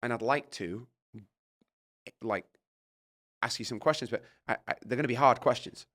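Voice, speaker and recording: A middle-aged British man telling a story in casual chat, animated and swearing, acting out his own reactions. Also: medium pitch, normal speed. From Britain. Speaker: guest.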